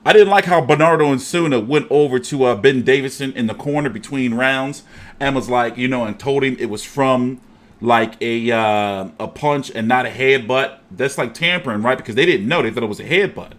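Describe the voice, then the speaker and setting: A man hosting a casual boxing show, talking in an animated, profane, jokey way. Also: medium pitch, moderate pace.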